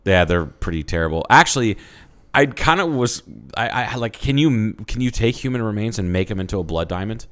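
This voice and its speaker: A man's voice: fairly low pitch, expressive, brisk, a bit bright. A young man co-hosting a podcast, joking crudely and swearing in casual chat. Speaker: podcast co-host.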